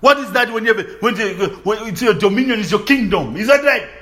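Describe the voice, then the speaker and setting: A man preaching a sermon in call-and-response fashion, often asking his listeners to agree, with bursts of shouting and laughter. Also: high-pitched, lively intonation, fairly quick.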